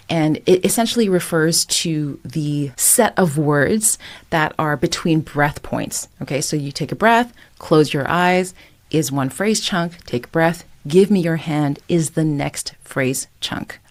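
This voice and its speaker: A middle-aged woman teaching singing, explaining step by step with an encouraging tone. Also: low-pitched. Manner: encouraging, explains step by step, sings short phrases as demonstrations. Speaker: voice coach. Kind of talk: singing tutorial, talking to camera.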